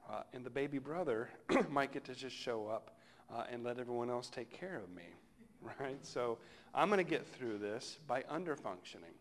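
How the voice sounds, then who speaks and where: A male pastor giving a sermon in a relaxed, conversational way, often trailing off softly at the ends of phrases. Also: medium pitch, moderate pace. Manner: conversational, reflective, often dropping to a soft close.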